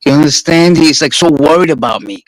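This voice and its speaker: A man's voice: a little high, fairly quick, no room sound, low-quality recording. A man with a New York accent, a streamer swapping stories in a casual, profane chat. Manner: profane, animated storyteller.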